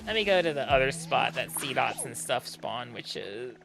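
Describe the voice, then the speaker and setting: A man's voice: medium pitch, expressive, normal speed, gravelly, over music. A man chatting casually on a gaming stream, rambling with many fillers and restarts.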